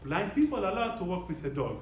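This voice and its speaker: A man's voice: high-pitched, fast talker. A male rabbi, telling a sermon full of stories and jokes and acting out the dialogue. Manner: animated, acts out dialogue in changing voices. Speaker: rabbi giving a weekly class. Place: synagogue hall. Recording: echoey room, mic at a distance, faint noise.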